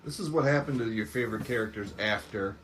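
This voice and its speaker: A man co-hosting a casual fan review chat, halting and searching for words. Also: lowish voice, fairly bright tone, slight background noise. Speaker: podcast co-host.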